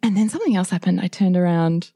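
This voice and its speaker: A woman's voice: fairly low pitch, expressive, fast talker, mellow, no echo, clean studio sound. A middle-aged woman, co-hosting a casual podcast and animatedly telling a story, acting out quotes and laughing often. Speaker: podcast co-host.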